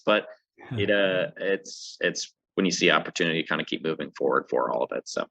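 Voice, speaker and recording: A man's voice: a bass voice, animated, normal speed, gravelly, pushed and bright, lo-fi sound. A man, a brewery owner guest on a podcast, chatting upbeat and a bit hesitant, with fillers. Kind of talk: casual interview chat.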